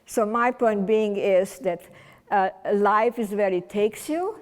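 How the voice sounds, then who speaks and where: A woman's voice: medium pitch, takes it slowly, long reverb tail. An older woman from Transylvania giving a chatty, whimsical public talk to a community audience, rambling with restarts. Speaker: guest speaker. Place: large community hall.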